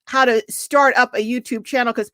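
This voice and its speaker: An older woman hosting a casual live stream, chatting warmly and reading out viewers' comments and greetings. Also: a little high, steady tone, moderate pace, dry recording.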